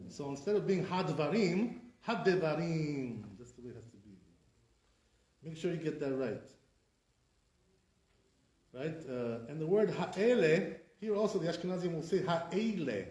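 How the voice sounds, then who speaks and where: A man's voice: a little high, a little mellow. A man teaching as a rabbi, correcting pronunciation and drilling words with rhetorical questions. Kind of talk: classroom lesson. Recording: echoey room sound.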